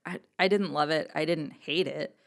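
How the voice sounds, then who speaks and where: A woman's voice: low voice, normal speed, gravelly. A woman co-hosting a casual podcast, chatty and giggly, with many fillers. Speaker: podcast co-host.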